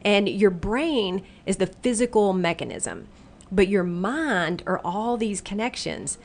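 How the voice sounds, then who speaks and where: A woman's voice: medium pitch, slow. A middle-aged woman, a guest who runs workshops, explaining in casual talk and playfully acting out voices in quotes. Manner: animated, acts out the brain's inner voice in playful quotes.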